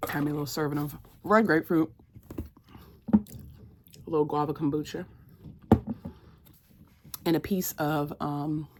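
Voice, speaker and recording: A chatty woman talks through her day in a relaxed vlog, laughing often. Her voice sits low for a woman. She teases her dog in a playful, scolding way. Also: a little slow, long pauses, noisy background. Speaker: vlogger. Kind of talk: casual vlog chat.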